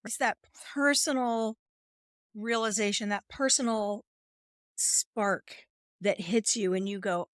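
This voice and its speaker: Expressive woman coach on a dry mic. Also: mid-range voice, slow pace, no room sound. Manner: expressive, acts out inner voices while explaining. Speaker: wellness coach and guest. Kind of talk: podcast interview conversation.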